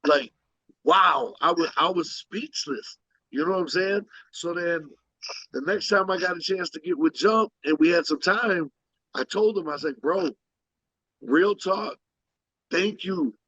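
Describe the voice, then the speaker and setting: A man co-hosting a casual podcast chat about films, talking excitedly and often asking "you know what I'm saying". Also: high-pitched, a little slow, dry recording, lo-fi sound. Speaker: podcast co-host.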